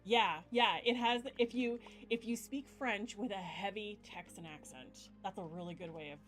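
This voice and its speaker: A woman's voice: mid-range voice, moderate pace, a bit bright, faint music behind, poor audio. A woman hosting a gaming video, chatting casually and explaining things in a rambling way with many fillers. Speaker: gaming channel host. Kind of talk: casual gameplay chat.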